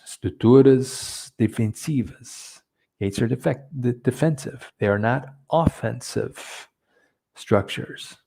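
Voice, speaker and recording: A man teaching a Bible lesson, halting often with fillers and restarts. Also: medium pitch, vocal fry, mellow, breathy edge. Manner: hesitant, many fillers and restarts, switching between two languages.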